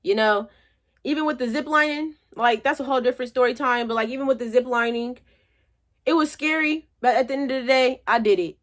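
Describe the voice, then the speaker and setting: A woman's voice: sits high, fairly quick. A young woman vlogger telling a motivational story in a chatty, colloquial way.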